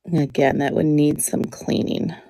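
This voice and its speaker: A woman hosting a live jewelry auction stream, chatting in a relaxed way as she describes each piece, with many ums. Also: sits low, normal speed, gravelly, no room sound.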